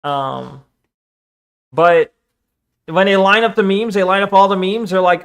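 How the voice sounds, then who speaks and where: Casting note male streamer, slightly high voice, casual rambling reaction chat. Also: a little slow, gravelly, long pauses, clean tone. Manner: rambling, many fillers and restarts.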